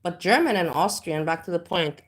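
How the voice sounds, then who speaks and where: A woman's voice: on the low side, animated, moderate pace. A woman chatting on a livestream, rambling with many restarts and filler words. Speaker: livestream host. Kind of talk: casual livestream chat.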